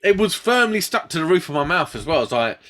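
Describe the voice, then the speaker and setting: British male podcast host; animated storyteller who shouts out quoted lines. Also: fairly high pitch, fast, a little hiss or hum. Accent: British English. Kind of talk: casual chat.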